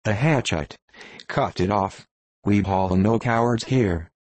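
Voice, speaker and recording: A man's voice: on the low side, unhurried, no echo. A man reading as an old muttering sailor. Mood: urgent. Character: old superstitious male sailor, gruff.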